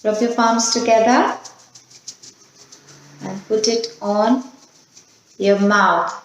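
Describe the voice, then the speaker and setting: A woman teaching young children, gently coaxing them through a calming exercise and a storybook reading while asking them questions. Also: mid-range voice, slow. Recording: very echoey room.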